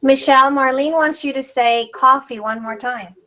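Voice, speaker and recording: A woman's voice: high-pitched, moderate pace, a bit bright. Chatty woman hosting a crafting livestream. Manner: chatty, reads out viewer comments while working. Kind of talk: casual chat while crafting. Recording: dull lo-fi sound.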